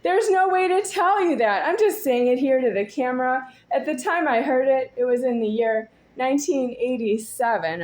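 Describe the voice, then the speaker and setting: A woman in her forties talking to a camera at home in a rambling, agitated monologue. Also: a little high. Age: 40s. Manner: rambling, agitated, at times shouting. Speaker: vlogger. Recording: echoey room.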